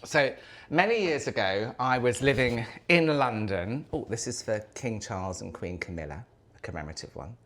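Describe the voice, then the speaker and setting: A man's voice: medium pitch, expressive, moderate pace, a bit bright. Effusive chatty man vlogging. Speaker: lifestyle vlogger. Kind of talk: casual chat to camera. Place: kitchen of an old house.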